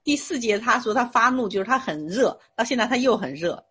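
A woman interpreting a sermon phrase by phrase, steady and rephrasing with small fillers. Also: on the high side, fairly quick, slightly rough.

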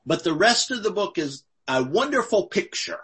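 A male preacher with a husky, bright-edged voice delivers a sermon in short bursts, leaving gaps for an interpreter. He acts out the quotes, leaping high in pitch, and his delivery is lively and full of swings. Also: normal speed. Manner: animated, acts out quotes with big pitch jumps.

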